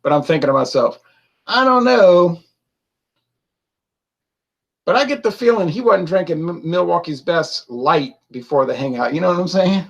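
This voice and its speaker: A man's voice: on the high side, expressive, fairly quick, gravelly, few pauses, lo-fi sound. A man reviewing beer in a casual, chatty way, laughing often and reading out viewer comments to his live audience.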